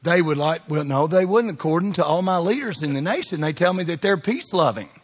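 Husky preacher, folksy and emphatic. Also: male voice, fairly high pitch, expressive, fairly quick. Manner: folksy and emphatic, swings from hushed to shouting. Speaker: pastor. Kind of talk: sermon.

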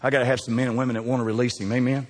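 A man's voice: medium pitch, level tone, rapid-fire, in a large hall. A man preaching a sermon in a church sanctuary, folksy and dramatic, talking straight to the congregation.

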